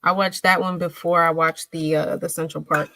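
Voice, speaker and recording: A woman's voice: on the low side, little pitch movement, moderate pace, bright, forceful tone, dry recording, poor audio. Chatty woman hosting a livestream. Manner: chatty, reads and answers viewer comments. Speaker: livestream host. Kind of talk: casual livestream chat.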